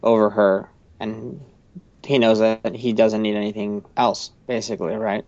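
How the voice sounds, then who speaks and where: A man's voice: on the low side, level tone, normal speed, darkish tone, no echo. A man in a casual podcast chat, chiming in with short agreeing replies. His voice comes through muffled and lo-fi. The sound is dry and close. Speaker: podcast co-host. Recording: dull lo-fi sound.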